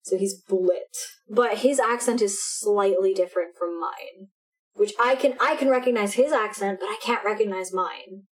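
A young woman chats from home over a headset mic, her voice mid-pitched and everyday. She rambles and restarts her sentences as she goes. She talks in an animated way. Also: normal speed, poor audio. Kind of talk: casual chat. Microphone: headphones with a mic.

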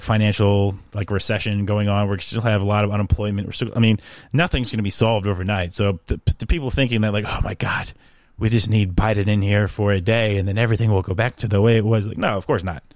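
A man's voice: lowish voice, no echo, clean studio sound. A young man from the New York area, talking in a rambling, sarcastic way with lots of fillers in casual chat.

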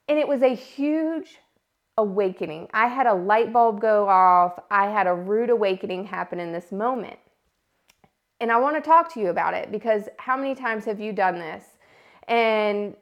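A woman, hosting a casual podcast and telling family stories with lively, animated delivery. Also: mid-range voice, highs cut off. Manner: animated storytelling, acts out quotes loudly. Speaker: podcast host. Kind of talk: casual solo podcast talk.

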